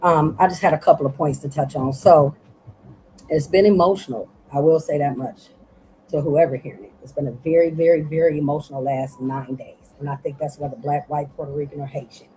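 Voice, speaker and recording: A tired woman talks earnestly on an online panel call, circling back and repeating herself as she makes her points. Her voice sits low and mellow. A faint hiss runs under the call audio. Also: steady tone, a little fast, poor audio. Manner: earnest, rambling, repeats "you know what I'm saying". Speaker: panel guest. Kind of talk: casual live panel discussion.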